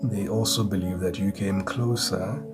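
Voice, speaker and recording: A man's voice: low voice, fairly even intonation, normal speed. A man giving a chatty live tarot reading, greeting viewers and chuckling often. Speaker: tarot reader. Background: music.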